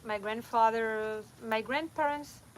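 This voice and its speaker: Middle-aged french woman chatting with viewers, highish voice, laughs a lot, faint hum behind. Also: takes it slowly, low-quality recording. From France. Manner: chatty, laughs often, reads and answers viewer comments. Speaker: vlogger. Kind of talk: casual livestream chat. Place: van or home, at night. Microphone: no mic, phone or camera only.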